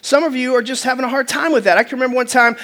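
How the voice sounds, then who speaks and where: A man's voice: extremely high pitch, racing. A male pastor preaching a sermon, telling funny stories, doing voices and calling the congregation to answer back. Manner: animated storytelling with funny voices and audience call-and-response; loud preaching bursts.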